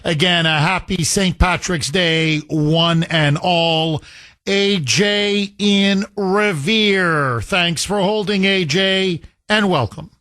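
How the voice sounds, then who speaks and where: Emphatic talk radio host, dry studio. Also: male voice, sits high, pushed and bright, no echo. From United States. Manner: emphatic, rhetorical questions in quick runs.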